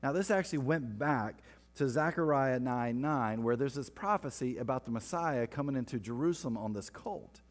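A man's voice: medium pitch, lively intonation, moderate pace. A man preaching a sermon, reading scripture and breaking off for playful asides. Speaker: pastor. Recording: long reverb of a large hall.

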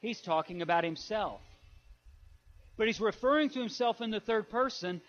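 A man preaching a conversational sermon as a pastor, reading scripture with animated emphasis. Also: high voice, moderate pace. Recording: dull lo-fi sound.

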